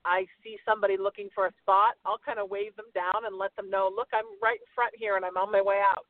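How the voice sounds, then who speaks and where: A woman co-hosting a casual radio talk show, chatting in a lively way. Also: medium pitch, quick pace, dry recording. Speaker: co-host. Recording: phone-like narrow band.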